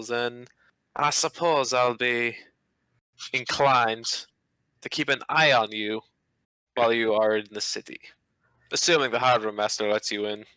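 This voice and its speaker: A man's voice: medium pitch, pushed and bright, smooth, no room sound, low-quality recording. A man voicing a short-tempered male dwarf official who swears and speaks with a put-on accent. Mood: grudging.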